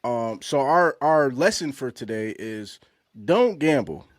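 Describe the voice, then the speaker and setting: A man's voice: medium pitch, lively intonation, takes it slowly, no room sound, clean studio sound. A man hosting a casual panel podcast, laid-back and slangy, often laughing while he introduces clips. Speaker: podcast host.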